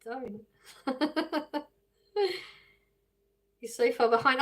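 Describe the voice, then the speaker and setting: A woman's voice: high voice, moderate pace, long pauses, fairly bright tone. An English woman live streaming, reading viewers' questions aloud and answering them casually with frequent laughs. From England. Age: adult with children.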